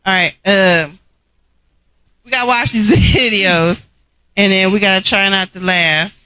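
A woman's voice: medium pitch, a little slow, bright, forceful tone, clean tone, no echo, poor audio. A woman co-hosting a casual podcast, joking crudely and bursting into laughter. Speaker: co-host.

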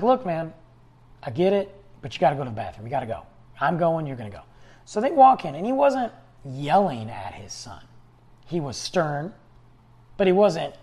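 A man hosting a podcast, rambling along in casual conversational storytelling. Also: on the high side. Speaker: podcast host. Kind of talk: casual solo talk.

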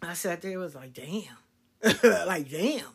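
A middle-aged woman hosting a casual chat show, telling stories in a blunt, profane, animated way. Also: fairly low pitch, a little slow, vocal fry, husky. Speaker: talk show host.

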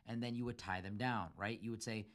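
A man's voice: lowish voice, fairly even intonation, a little fast, a bit bright. A man hosting a solo podcast, giving relationship advice in numbered steps and acting out quoted arguments in a raised, emphatic voice.

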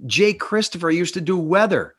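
A man's voice: high-pitched, animated, moderate pace, fairly bright tone, husky. A man with a Northeast Pennsylvania accent hosting a casual interview, chatty and joking with opinionated asides. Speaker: podcast host.

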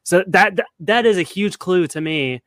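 A man's voice: sits high, expressive, moderate pace, a bit bright, no echo. A man co-hosting a podcast in casual chat, laying out his theories step by step. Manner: analytical, lays out theories step by step. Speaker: podcast co-host.

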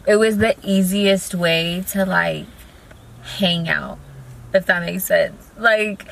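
Soft-spoken young woman hosting a podcast. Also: medium pitch, fairly even intonation, takes it slowly, creaky. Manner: laid-back, soft-spoken, giggly. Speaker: podcast host. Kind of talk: casual chat. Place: inside a parked car. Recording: faint background noise in a car.

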